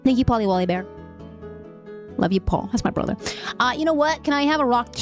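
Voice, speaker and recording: High-pitched woman streamer reading news and ranting to chat, gets emotional, faint music in the back. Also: animated, a little fast, pauses often. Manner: emotional, frequently laughing and venting; reads articles aloud with asides. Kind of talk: live-stream news commentary, chatting with viewers.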